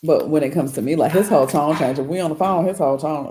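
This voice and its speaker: A woman's voice: low-pitched, fast talker, dark tone, slight background noise. A woman hosting her channel, chatting casually and candidly with viewers, telling stories with frequent laughs and blunt, profane asides. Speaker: spiritual reader and channel host. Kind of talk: casual storytelling chat to viewers.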